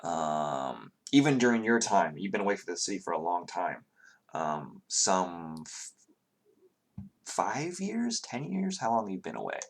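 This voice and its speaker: A man's voice: deep voice, huge pitch swings, a little slow. A man narrating a tabletop game as game master, rambling with frequent ums and restarts.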